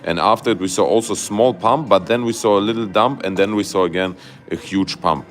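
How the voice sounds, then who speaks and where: Low-voiced man streaming live chart commentary. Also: brisk. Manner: excitable, loose grammar, many fillers and "guys". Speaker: crypto livestream host.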